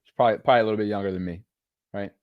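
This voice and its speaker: Low-voiced male podcast co-host. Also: steady tone, very fast, dry recording, phone-quality sound. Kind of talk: casual chat.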